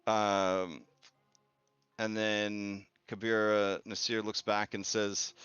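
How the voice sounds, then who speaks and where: A man's voice: lowish voice, little pitch movement, slow, fairly bright tone, smooth, no room sound. A man narrating a tabletop game as game master, hesitant and full of "um" and "like". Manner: hesitant, heavy on "um" and "like". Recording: slightly muffled, faint music behind.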